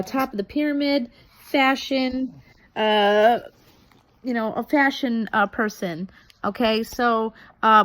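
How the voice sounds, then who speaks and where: A woman's voice: fairly high pitch, a bit bright. A woman in her thirties chatting casually as a vlogger reviewing a TV show, rambling with many ums and restarts. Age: 30s. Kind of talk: casual chat.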